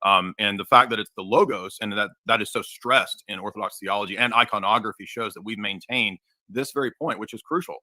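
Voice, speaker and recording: A man argues his case in a formal debate, fast and assertive, piling up his points. His voice sits very low but has a sharp, forceful edge. The sound is dry and close. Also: no echo. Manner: rapid, assertive, argumentative.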